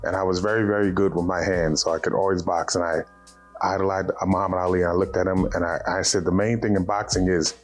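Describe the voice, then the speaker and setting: A man from Harlem, New York, a rapper giving firm, measured interview answers. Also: deep voice, level tone, faint music behind. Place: radio studio.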